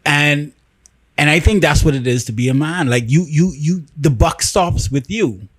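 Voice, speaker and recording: A man hosting a casual podcast, talking with animated, emphatic storytelling and frequent restarts. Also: on the high side, normal speed, dry recording. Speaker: podcast host.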